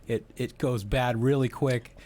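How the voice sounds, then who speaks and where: A man, a former police supervisor on a podcast, giving his opinion in casual chat with halting restarts. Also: medium pitch, fairly even intonation, darkish tone.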